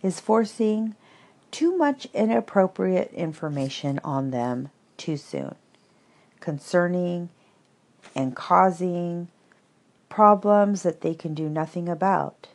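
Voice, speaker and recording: A woman narrating an audiobook of reflective prose in a calm, wry, measured way. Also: fairly low pitch.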